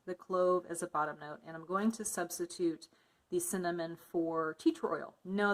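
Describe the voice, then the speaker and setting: A woman casually narrating a soap-making tutorial, explaining each step with frequent fillers. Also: on the low side. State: muffled by a face mask. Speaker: soap maker.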